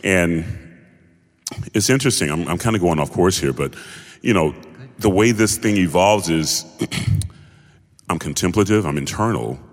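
Very deep-voiced man, thoughtful. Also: lively intonation. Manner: thoughtful, halting, many restarts. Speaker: singer-actor in a musical. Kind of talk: panel interview. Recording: hall reverb.

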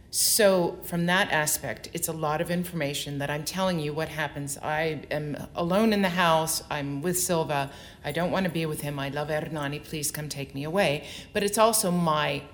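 A woman opera soprano in an onstage interview before an audience, articulate and expressive, explaining her craft at length. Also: low-pitched.

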